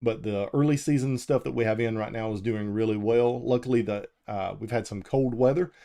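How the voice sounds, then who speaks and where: A man's voice: medium pitch, a little fast. A man hosting a live firearms show, talking casually and answering viewers' chat questions, with frequent ums and uhs. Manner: relaxed and conversational, with frequent "uh" and "um".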